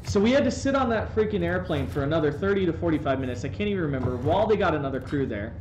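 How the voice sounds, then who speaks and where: A man's voice: on the high side, very fast. Chatty man telling a rambling story on stream. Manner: rambling, animated anecdote with playful asides. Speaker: live streamer. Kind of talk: casual storytelling while gaming on stream. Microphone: desk microphone, swapped in for the day. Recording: roomy sound with faint background noise.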